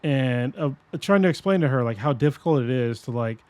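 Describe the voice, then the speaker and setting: A man's voice: medium pitch, fairly quick. A man in his forties hosting a podcast in casual chat, rambling, swearing a lot and restarting his sentences. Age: 40s. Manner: rambling, profane and animated, with many restarts. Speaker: podcast host.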